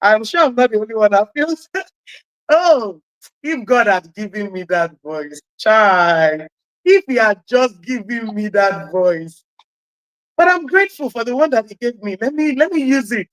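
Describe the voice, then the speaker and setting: A woman hosting a radio talk show, chatty and encouraging, with a loud voice. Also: a little high, animated, unhurried, no echo, low-quality recording. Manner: encouraging, chatty, laughs at herself. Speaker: radio host.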